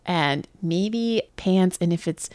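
A woman's voice: lowish voice, slow pace, a little mellow, no room sound. A New Yorker woman co-hosting a casual chat, playful and giggly, speculating with lots of laughter. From New York. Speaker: podcast co-host.

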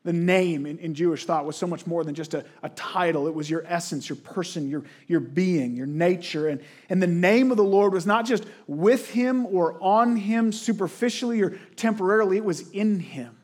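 Male pastor with a high voice, earnest conversational preaching, rhetorical questions. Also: normal speed, hardly any pauses, a little mellow. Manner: frequent restarts and repeated words. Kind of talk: sermon.

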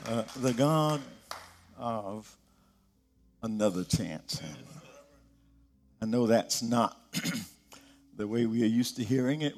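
A middle-aged man preaching a sermon, slow, dropping soft and low and then rising to emphatic peaks.

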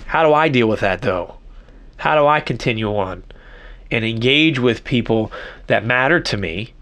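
A man's voice: mid-range voice, animated, normal speed, a bit bright. A middle-aged man hosting a solo podcast, rambling and self-reflective, with many restarts. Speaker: podcast host. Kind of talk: casual solo podcast monologue.

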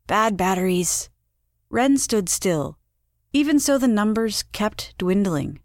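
A woman narrating a short story in a measured storytelling manner. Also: medium pitch, sing-song, darkish tone, dry recording, studio quality. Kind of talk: scripted audiobook narration.

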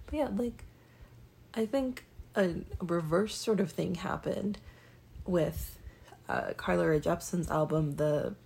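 A woman's voice: on the low side, takes it slowly, a little mellow. A young woman talking casually to the camera as a vlogger, rambling and self-deprecating with lots of ums and restarts. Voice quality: raspy, creaky. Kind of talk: casual monologue.

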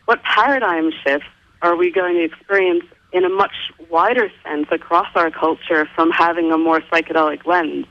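A woman's voice: fairly low pitch, steady tone, normal speed, dull audio. A woman speaking as a guest in a radio interview, talking in an earnest, reflective way.

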